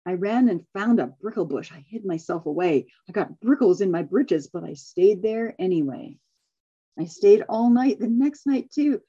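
A woman reads a rhyming story aloud with lively, expressive delivery, then chats quickly with a group and laughs often. Her voice is slightly husky and breathy. The sound is dull and lo-fi, as over a video call. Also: medium pitch. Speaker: workshop facilitator.

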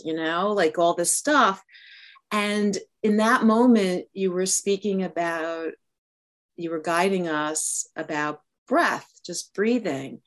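Slow, reflective woman sharing feelings. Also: lowish voice. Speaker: participant in an online meditation group. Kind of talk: sharing a personal experience.

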